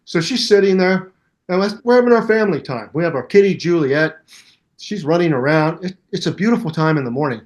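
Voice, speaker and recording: An older man chats as an interview guest with a fairly high voice. He tells his stories with a lot of energy, acting out other people's voices and sounds as he goes. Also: brisk. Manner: animated storyteller, mimics voices and sounds. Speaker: guest musician. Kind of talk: casual interview chat.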